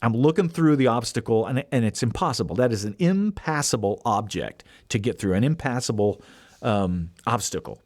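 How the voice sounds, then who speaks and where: A man hosts a podcast and tells a casual story with animated swings of pitch, acting out the people he quotes. His voice sits mid-range for a man. The sound is dry and close, with no room echo. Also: moderate pace. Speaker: podcast host.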